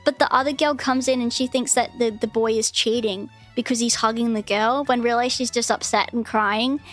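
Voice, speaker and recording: Young woman, high voice, ranting stream chat, lots of swearing, faint music behind. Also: steady tone, normal speed. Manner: ranting, swearing, mocks people in exaggerated voices. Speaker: VTuber streamer.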